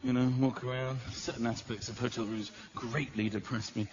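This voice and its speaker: A man doing stand-up comedy on a theater stage, telling self-mocking stories in an animated way. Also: medium pitch, normal speed. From England. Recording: echoey live theater, dull, noisy.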